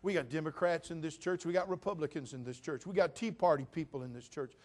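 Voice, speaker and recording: Male pastor, fairly high voice, church sermon, quiet asides then shouted emphasis. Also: fast. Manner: swings from quiet confiding to loud preaching bursts.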